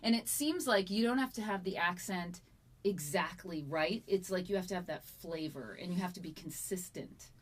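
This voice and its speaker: Female interviewer, low-pitched voice, chatty and encouraging. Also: moderate pace. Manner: friendly, encouraging, asks follow-up questions. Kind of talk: conversational interview.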